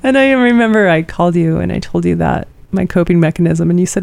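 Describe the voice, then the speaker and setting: Chatty middle-aged woman, warm dry voice. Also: lowish voice, animated, quick pace, vocal fry, hardly any pauses, no echo. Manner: rambling and chatty, many fillers. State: tired. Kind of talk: casual chat, personal storytelling.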